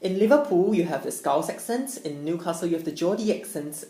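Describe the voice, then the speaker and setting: A young woman, an international student, gives an upbeat explanatory presentation in a fairly low, dark, expressive voice, talking a little fast. The room is echoey, and there's a slight hiss or hum on the recording.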